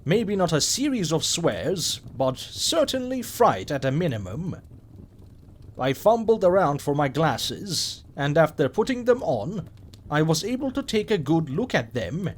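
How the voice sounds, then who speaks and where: Husky, slow-paced male story narrator. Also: fairly high pitch, very animated. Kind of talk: scripted horror story narration.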